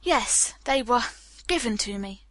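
A woman voicing a calm, stubborn Englishman who answers questions with clipped, guarded refusals. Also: on the high side, unhurried, no echo.

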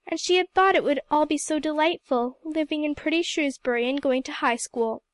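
A woman narrating a novel in a gentle, even storybook reading. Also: sits high, a little fast, no room sound. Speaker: audiobook reader. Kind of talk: scripted narration.

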